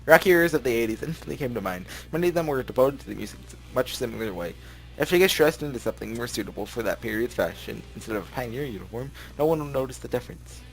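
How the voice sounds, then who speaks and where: Male let's-play host, average pitch, reads game text with offhand asides over soft game music. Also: animated, fast talker. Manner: chatty, laughs often, stumbles over words. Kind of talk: reading a visual novel aloud with casual asides. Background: game music playing.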